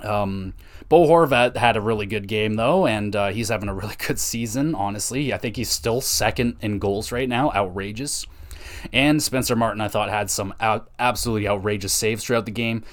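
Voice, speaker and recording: A young man with a somewhat low voice hosts a casual sports podcast. He rambles excitably, swears freely and drops "dude" and "man" everywhere. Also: moderate pace. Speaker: podcast host.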